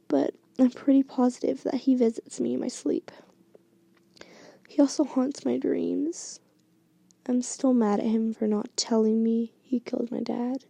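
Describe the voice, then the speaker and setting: A young woman narrating a first-person fanfic story in a hushed, halting way, as a whispered story reading with some restarts. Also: high-pitched, creaky, breathy edge, no echo. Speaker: story reader.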